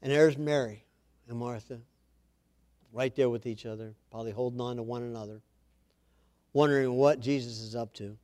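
A man's voice: medium pitch, steady tone, normal speed, pauses often, dark tone, dry recording. A man preaching an informal Bible-study sermon, reading scripture aloud and then commenting in a chatty way with asides.

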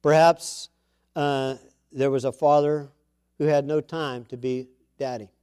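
A man's voice: fairly high pitch, fairly even intonation, measured pace, a little mellow, clear, resonant tone. A man preaching a sermon to his congregation in a conversational way, with chatty asides and emphatic repeats of key words. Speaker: pastor.

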